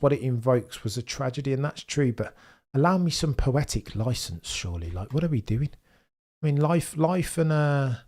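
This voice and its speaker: A man with a mild Birmingham accent hosting a casual live watchalong, chatting with viewers, reading their comments aloud and adding wry asides. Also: mid-range voice. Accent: Birmingham (Brummie), mild. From England, Birmingham area. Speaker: livestream host.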